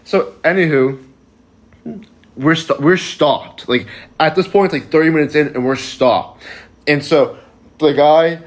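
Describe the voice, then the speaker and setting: A man's voice: a little high, unhurried, pauses often. A young man casually telling a personal anecdote for a social video, rambling and packing his sentences with "like". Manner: rambling, heavy use of "like" fillers.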